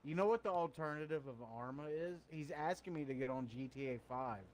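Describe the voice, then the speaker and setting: A man's voice: on the high side, brisk, darkish tone, slight background noise. A man streaming and chatting with friends, brash and trash-talking with lots of swearing. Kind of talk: casual chat.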